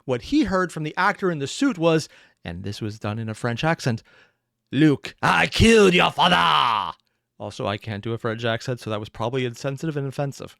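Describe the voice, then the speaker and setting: A man's voice: medium pitch, expressive, quick pace, fairly bright tone, no room sound, studio quality. A man giving casual reaction commentary, rambling and opinionated with self-deprecating asides. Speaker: reaction streamer.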